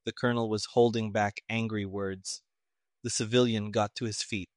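A man narrating a mystery story in an even, measured reading voice, giving the characters' quoted lines only a light touch. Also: fairly low pitch, no room sound, studio quality. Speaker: audiobook narrator. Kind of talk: scripted narration.

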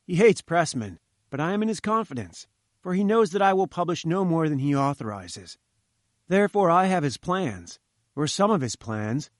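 A man's voice: on the high side, sing-song, normal speed, dry recording, studio quality, pitched above the performer's own voice. A man voicing a cheerful, chummy young male journalist. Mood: breezy. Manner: breezy and chummy.

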